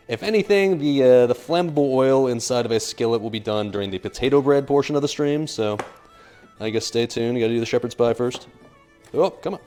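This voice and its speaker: Brisk and dark-toned yet medium in pitch, this young man from the United States jokes and rambles through a cooking live stream, reading chat messages out loud over faint background music.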